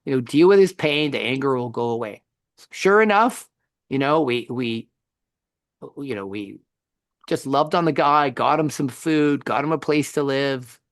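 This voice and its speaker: A middle-aged man co-hosting a faith podcast, telling a story in a lively conversational way with frequent restarts. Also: mid-range voice, unhurried, dry recording, studio quality. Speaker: podcast co-host.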